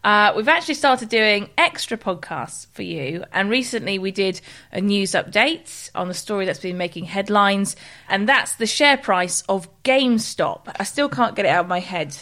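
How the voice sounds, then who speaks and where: A woman's voice: mid-range voice, expressive, moderate pace, sharp tone. A woman co-hosting a podcast with playful banter. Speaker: podcast co-host. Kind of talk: casual chat.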